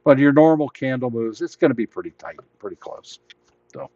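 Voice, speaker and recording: A man's voice: mid-range voice, expressive, a little fast, warm tone, no room sound, muffled recording. A man hosting a live trading lesson, explaining orders in a rambling, plain-spoken way while losing his voice. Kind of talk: casual live teaching.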